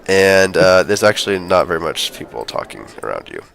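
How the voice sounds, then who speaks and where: Brief: a male dungeon master in casual narration, with a lowish, bright voice, lively intonation, and faint music behind. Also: moderate pace, vocal fry, hardly any pauses, clean tone. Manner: chatty, laughs often, many fillers. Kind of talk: casual tabletop game narration.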